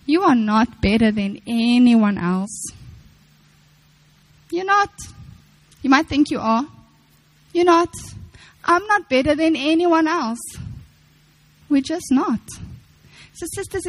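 Young woman preacher, high-pitched, earnest and repetitive, acts out quotes mid-sermon. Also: rough recording. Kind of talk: sermon to women.

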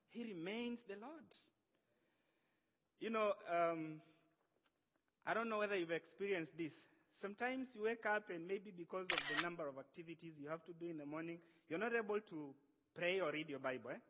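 A man preaching a sermon in a conversational, animated way, acting out the voices he quotes. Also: high voice. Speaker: pastor. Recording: long hall reverb.

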